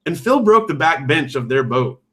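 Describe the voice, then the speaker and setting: Bright-voiced man telling a story. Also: normal speed. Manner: animated, acts out quotes in a high voice; self-mocking. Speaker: podcast host. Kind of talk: casual storytelling chat.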